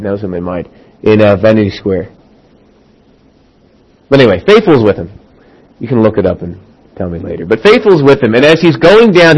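A middle-aged man preaching a sermon as a pastor, acting out quoted voices and swinging from loud emphasis to hushed asides. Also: fairly high pitch, poor audio.

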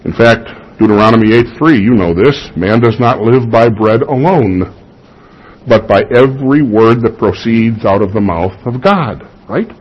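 Husky-voiced pastor preaching a sermon. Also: male voice, medium pitch, animated, moderate pace, dull audio. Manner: preaching with rising emphasis and questions to the congregation. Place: church sanctuary.

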